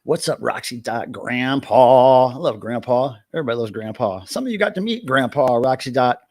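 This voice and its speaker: A man's voice: mid-range voice, animated, moderate pace, a little mellow. A middle-aged man hosting a casual livestream, joking around and greeting chat viewers by name. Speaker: livestream host.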